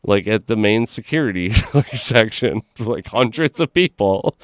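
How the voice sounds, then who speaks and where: A man's voice: on the low side, expressive, unhurried, hardly any pauses, dry recording, studio quality. A man in casual chat, telling a long rambling story full of "like" and acting out the people in it. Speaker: gaming stream host.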